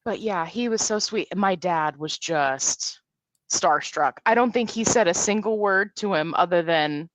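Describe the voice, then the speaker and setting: A woman in her forties, a podcast guest, telling a story in a lively way and acting out what people said. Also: fairly low pitch, unhurried, dry recording. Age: 40s. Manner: animated storyteller, acts out quotes. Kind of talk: casual storytelling in a podcast interview.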